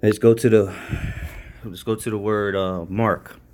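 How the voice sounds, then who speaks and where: A religious video commentator with a lowish voice and measured pace rambles casually through a Bible study, repeating himself and often asking "all right?" He grows emphatic and excited as he reads out word definitions. There's slight background noise.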